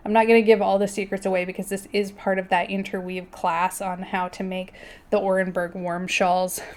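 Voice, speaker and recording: A woman's voice: mid-range voice, little pitch movement, moderate pace, darkish tone. A woman hosting her knitting video at home, chatting casually and laughing often as she shows her work. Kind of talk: casual chat. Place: indoors at home.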